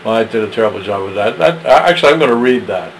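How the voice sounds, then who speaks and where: A man's voice: fairly low pitch, expressive, fast talker, gravelly, a little hiss or hum, rough recording. A man practicing readings aloud, muttering self-deprecating asides between attempts. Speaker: amateur reader of verses.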